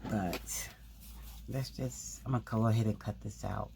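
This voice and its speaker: A woman hosting a craft video, talking quickly in a rambling, casual way and often correcting herself mid-sentence. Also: very deep voice, fairly even intonation, vocal fry, background noise. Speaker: craft channel host. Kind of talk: casual craft tutorial chat.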